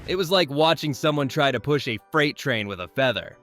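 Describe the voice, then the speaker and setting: A man's voice: mid-range voice, lively intonation, fairly quick. A man narrates a scripted commentary in an ordinary mid-range voice. His delivery is wry and mildly sarcastic, and he addresses the viewers directly. Faint music plays behind him.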